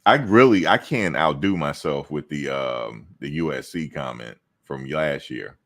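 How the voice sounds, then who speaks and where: A man's voice: very deep voice, unhurried, fairly bright tone. A male host of a football fan show, chatting casually in a playful, joking, slangy way and repeating himself for emphasis.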